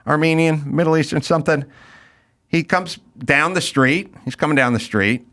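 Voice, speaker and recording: A male podcast host telling a rant-filled story in casual chat, acting out the people in it. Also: fairly high pitch. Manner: animated, ranting, acts out quotes.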